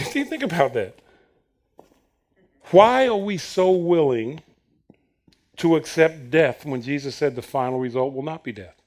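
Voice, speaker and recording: High-voiced male preacher, slow and lively. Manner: animated, acts out Bible quotes with laughter. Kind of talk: sermon.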